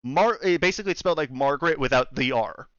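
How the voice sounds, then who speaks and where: A man's voice: fairly high pitch, quick pace, a bit bright, no echo, muffled recording. A young man running a tabletop game as game master, narrating in a rambling way with fillers.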